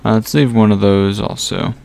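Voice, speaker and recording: A man giving casual gameplay commentary, thinking aloud as he sorts through items with frequent pauses and fillers. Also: fairly low pitch, steady tone, gravelly, darkish tone. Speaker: gaming channel host.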